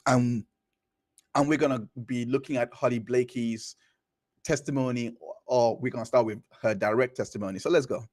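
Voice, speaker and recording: A man's voice: medium pitch, a little mellow, dry recording, clean studio sound. A man hosting a live stream, reading through a court transcript and commenting in a casual, rambling way with many restarts. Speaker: stream host.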